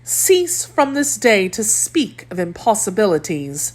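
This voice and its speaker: A woman's voice: mid-range voice, very animated, a little slow, voice pushed up. A woman voicing a proud, manipulative noblewoman in an audiobook, coaxing and calculating. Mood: scheming. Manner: coaxing, calculating, softly haughty.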